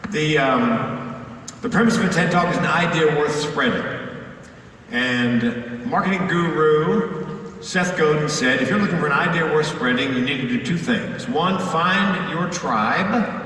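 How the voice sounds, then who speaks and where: A man's voice: on the high side, unhurried, sharp tone. A man giving a keynote speech as a public speaker and comedian, telling a story with punchy comic timing. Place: large conference hall. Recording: echoey hall, distant mic, faint room noise.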